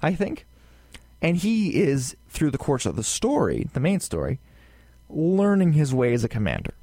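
A man co-hosting a casual gaming podcast, talking in a rambling, animated way with lots of fillers and asides. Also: on the high side, normal speed, no room sound. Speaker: podcast co-host.

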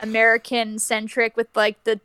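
A woman's voice: a little high, monotone, normal speed, sharp tone, clean tone, no room sound, clean studio sound. A woman chatting casually about a film on a remote call, full of "like" and the odd swear word. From Canada. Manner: chatty, peppers speech with "like", swears freely. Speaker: podcast co-host.

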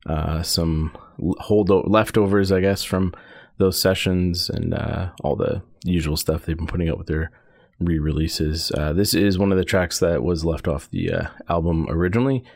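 A man's voice: low-pitched, normal speed, a little mellow, dry recording. A man hosting a campus radio show, chatting casually between songs, rambling with fillers and self-corrections. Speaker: radio host. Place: small radio studio. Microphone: studio broadcast mic.

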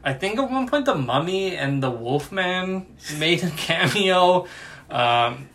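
A man's voice: sits high, very animated, slow pace, fairly bright tone, slight background noise. A man co-hosting a podcast, rambling casually with lots of fillers about a bad movie. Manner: rambling, filler-heavy storytelling. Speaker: podcast co-host. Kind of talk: casual movie review chat.

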